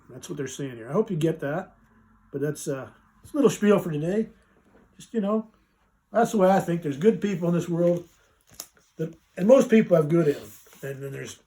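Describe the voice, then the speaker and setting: A man's voice: on the high side, mellow. Folksy man rambling casually. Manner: rambling, folksy, many fillers and restarts. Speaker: vlogger reading a Bible passage. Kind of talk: casual live vlog with scripture reading.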